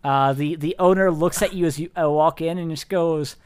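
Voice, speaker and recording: A man's voice: on the high side, moderate pace, few pauses, clear, resonant tone. Man running a tabletop game. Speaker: game master.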